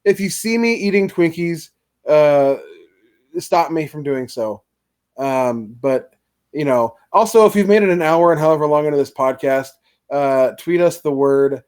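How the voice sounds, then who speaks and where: A man's voice: fairly high pitch, a little slow, darkish tone, smooth. A man co-hosting a casual podcast chat, rambling with lots of filler words. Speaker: podcast co-host.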